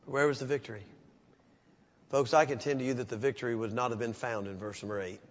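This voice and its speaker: A man's voice: steady tone, fast. Preaching man in a reverberant church. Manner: swings from loud preaching peaks to hushed low passages. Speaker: pastor. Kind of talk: sermon. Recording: dull sound with long church reverb.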